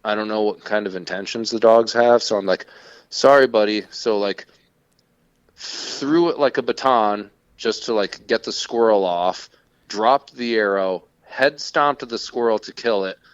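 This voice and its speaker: Low-pitched man, casual profane storyteller, dry dull lo-fi sound. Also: a little slow, clean tone, no echo. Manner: profane, animated retelling. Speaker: podcast co-host.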